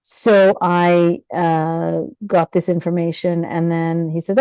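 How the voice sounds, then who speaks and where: Middle-aged woman physician guest, low warm tone, animated anecdotes with acted-out quotes. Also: slow pace, few pauses, clear, resonant tone, dry recording, rough recording. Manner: animated, acts out quoted voices with laughter. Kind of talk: casual storytelling interview.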